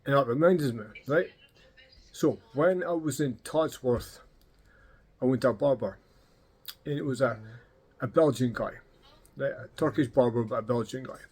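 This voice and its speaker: Scottish guy rambling through road trip stories, dark mellow voice, swears a lot. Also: mid-range voice, normal speed, pauses often, husky. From Scotland. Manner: swearing, animated anecdotes with quoted dialogue. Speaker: vlogger. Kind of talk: casual storytelling.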